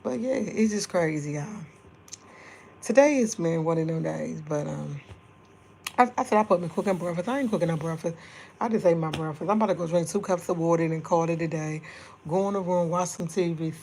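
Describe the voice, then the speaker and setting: A woman's voice: fairly low pitch, fairly quick, creaky, a little hiss or hum. A middle-aged woman, chatting casually and rambling with livestream viewers and laughing often. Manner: speaking softly at times to keep quiet. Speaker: livestream host.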